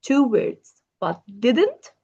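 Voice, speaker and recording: A woman's voice: high-pitched, big pitch swings, very slow, gravelly, dark tone, slightly rough, dull audio. A woman teaching English grammar in a patient manner, asking the learner questions. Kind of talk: grammar lesson.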